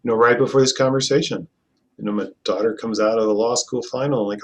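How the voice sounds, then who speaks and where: A middle-aged man, a family therapist and trainer, telling stories in an earnest, reflective way and often softening his voice. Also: moderate pace, gravelly. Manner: earnest, reflective, often drops to a soft low voice. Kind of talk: conversational storytelling.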